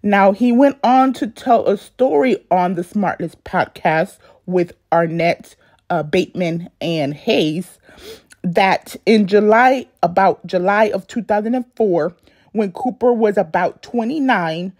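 A woman YouTube narrator tells a celebrity's life story in a chatty video style at a measured pace, her mid-range voice darkish in tone. She makes casual asides to viewers and is self-conscious about censored words. The studio-quality audio has no room sound.

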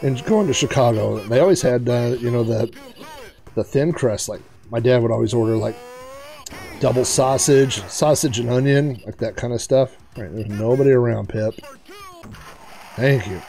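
A man hosting a retro gaming video, giving casual, excitable gameplay commentary and chatting to the players on screen. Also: medium pitch, normal speed, creaky.

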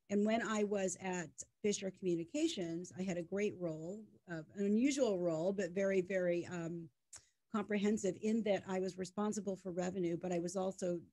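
Middle-aged woman, business guest, animated storyteller, conversational. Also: on the low side. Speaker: media tech startup co-founder, guest. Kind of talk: conversational interview.

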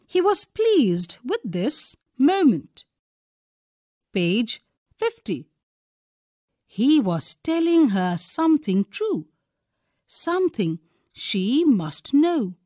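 Slow, expressive Indian woman reading. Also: high voice, dry recording, clean studio sound. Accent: Indian English. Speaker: teacher reading a textbook story. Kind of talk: reading a story aloud.

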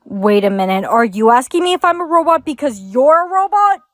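A woman's text-to-speech voice playing a friendly young man in a flat, synthetic way. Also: high voice, a little fast, no echo, studio quality.

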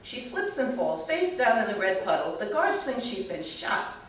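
A woman voicing a brash, fed-up Queens mother in a monologue, loud and cursing, with a put-on Queens accent. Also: on the high side, big pitch swings. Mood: brassy. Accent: Queens, New York (put on). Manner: loud, brassy, cursing, fast. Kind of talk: monologue read at a literary reading. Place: reading venue hall. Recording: echoey room from far off.

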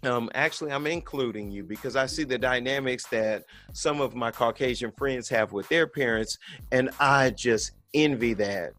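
A man's voice: mid-range voice, normal speed, a bit bright, faint music behind. A man in his thirties hosting a podcast, talking bluntly and candidly with lots of profanity in a casual monologue. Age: 30s. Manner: blunt, profane and candid, acting out quoted voices. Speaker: podcast host.

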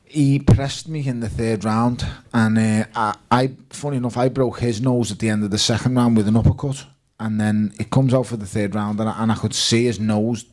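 This guest boxer, Liverpool accent and a lowish voice, talks at a moderate pace during a live evening with fans. His stories are lively and full of quotes from himself and others.

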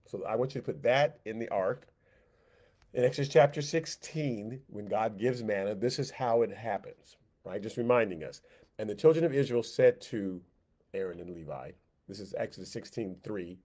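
Animated man teaching a Bible lesson. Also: fairly low pitch. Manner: animated, voices God and the people in quick asides; conversational, repeats phrases. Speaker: Sunday school teacher.

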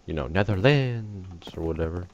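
He's a tired US gaming host who just woke up, speaking in a deep, animated voice at a moderate pace. His casual commentary wanders and jokes around as he's easily distracted, captured in a dull lo-fi recording with a faint hiss.

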